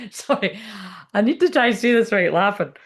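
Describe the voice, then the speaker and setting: With medium pitch, big swings in her intonation and a quick pace, a Scottish woman runs a casual tarot reading live on her stream. She's an adult spiritual reader who has been online for ten years. Expect blunt talk, swearing, chattiness and lots of fillers.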